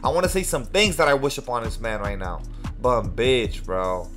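A man's voice: mid-range voice, sing-song, moderate pace, fairly bright tone, soft background music. A young man streaming a basketball video game, cursing and trash-talking his opponent while thanking viewers for donations. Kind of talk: live game stream commentary.

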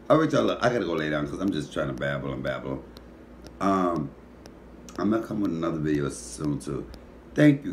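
A man comedian talking in a casual comedic monologue, animated and profane, teasing his listeners. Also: deep voice, creaky, a little hiss or hum.

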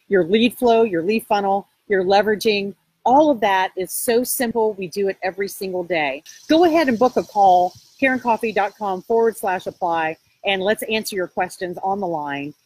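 A woman real estate coach speaking live to her viewers, pushing them with emphatic, repetitive encouragement and a sales pitch. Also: darkish tone, slightly rough, poor audio.

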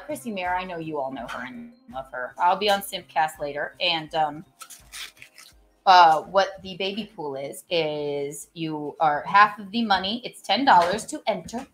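A woman's voice: lowish voice, fairly bright tone. A woman hosting a casual cooking live stream, chatting to her viewers while she cooks and repeating goofy catchphrases. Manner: joking, rambling, repeats silly catchphrases.

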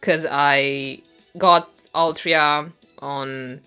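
A woman streamer casually commenting on her game pulls, excitable and swearing freely when surprised. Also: deep voice, very slow, clear, resonant tone, faint music behind. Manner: excitable, swears and shouts in disbelief. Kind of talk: casual commentary while playing. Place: bedroom.

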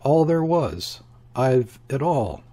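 A man's voice: medium pitch, expressive, measured pace, dark tone, slightly rough. A man reading aloud, voicing a frightened, desperate woman who pleads in a trembling, breathless voice. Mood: pleading.

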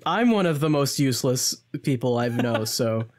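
A man's voice: medium pitch, expressive, normal speed. A man co-hosting a podcast, joking and laughing as he chats about a musical. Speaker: podcast co-host. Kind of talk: casual chat.

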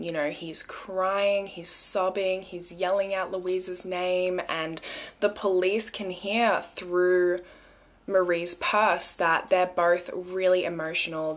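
A young woman with an Australian accent narrates a true crime case in a relaxed, conversational tone. Her voice sits a little low for a woman, and she keeps breaking off into asides and filler phrases as if chatting to a friend. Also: slow pace.

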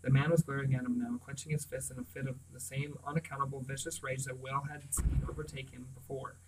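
Male audiobook reader, steady measured read-aloud, set back from the mic. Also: mid-range voice, distant mic, heavy background noise. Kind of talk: storybook read-aloud narration.

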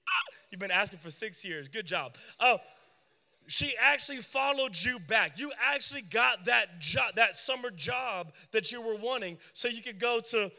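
Bright-voiced, animated young pastor. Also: male voice, high voice, long reverb tail. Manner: animated, joking with the crowd. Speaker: youth pastor. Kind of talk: sermon.

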